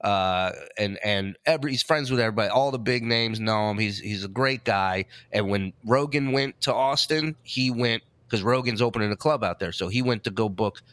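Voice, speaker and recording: A man's voice: fairly low pitch, normal speed, few pauses, fairly bright tone, no room sound. A man co-hosting a podcast, telling stories in casual, profane, emphatic chat. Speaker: podcast co-host.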